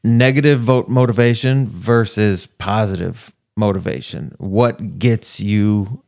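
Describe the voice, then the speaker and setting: Man, low gravelly voice, laid-back podcast co-host, rambling. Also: slow pace, darkish tone. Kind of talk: casual podcast chat.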